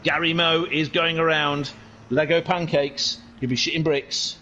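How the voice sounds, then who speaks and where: A man's voice: fairly high pitch, level tone, unhurried, pushed and bright, dull audio, slight background noise. A man commentating on a sim race stream in a casual way, rambling from joke to joke with plenty of swearing. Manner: rambling, joking and sweary banter.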